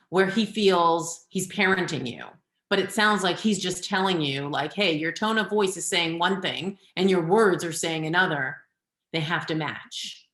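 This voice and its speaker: A woman's voice: on the low side, fairly bright tone. Earnest woman coach in echoey room. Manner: earnest, advising, shifting between quick and slow deliberate delivery. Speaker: parenting coach. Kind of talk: webinar talk.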